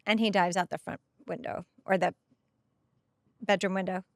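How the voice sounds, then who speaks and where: This time the middle-aged host sounds creaky, with medium pitch, steady tone and a moderate pace. On her headset mic she gushes with emotion over an episode in casual rewatch commentary, and the studio sound is clean, without any room sound.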